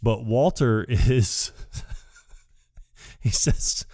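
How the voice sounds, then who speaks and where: A man co-hosting a podcast, chatting casually about a film, laughing often and retelling scenes with lively energy. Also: moderate pace, no room sound, clean studio sound. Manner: animated retelling, acts out quoted lines with big pitch jumps. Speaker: podcast co-host. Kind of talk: casual movie chat.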